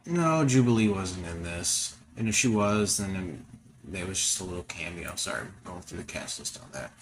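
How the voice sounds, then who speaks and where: A man's voice: sits low, animated, moderate pace, slight background noise. Rambling, profane man giving casual commentary. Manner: rambling, profane, with frequent fillers. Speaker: podcast host reacting to a film.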